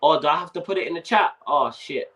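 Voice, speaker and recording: A man's voice: a little high, quick pace, bright, forceful tone. A young man, hosting a casual fan livestream and ranting with slang and swearing while he's overheated. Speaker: fan channel host.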